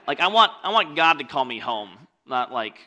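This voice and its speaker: A male pastor preaching a sermon in a conversational way, mixing scripture with joking asides and swinging from loud, lively stretches to quiet ones. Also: on the high side.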